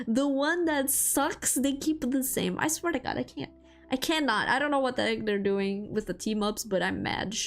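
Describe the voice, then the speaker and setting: A woman VTuber streamer chatting casually about games and comics, rambling and animated, with lots of fillers and laughter. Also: a little high, moderate pace, soft background music. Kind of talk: casual chat.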